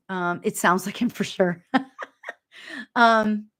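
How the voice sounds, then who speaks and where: A middle-aged woman giving a live spiritual reading, chatty and giggly, full of fillers and quick asides, sometimes dropping to a whisper. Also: medium pitch, fairly even intonation, fairly bright tone. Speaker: spiritual medium. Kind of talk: live reading, casual chat.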